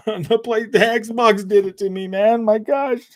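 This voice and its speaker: A man's voice: sits high, fairly even intonation, measured pace. A man hosting a gaming channel, chatting casually on a live stream in a sarcastic, mocking way and saying "man" and "bro" a lot.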